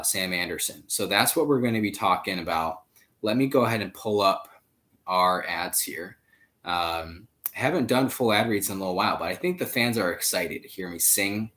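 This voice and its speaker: A young man hosts a podcast in an easy, rambling chat full of fillers and restarts. His voice sits a little low for a man. He keeps jumping up in pitch and volume when he gets excited, then drops back down. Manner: rambling, filler-heavy, animated swings in pitch and loudness. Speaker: podcast host. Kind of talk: casual chat.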